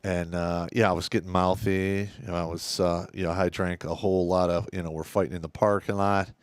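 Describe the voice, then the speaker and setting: A former army leader co-hosting a casual show, telling stories in a blunt, rough-edged way. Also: male voice, sits low, level tone, brisk, no echo, clean studio sound. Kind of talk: casual banter.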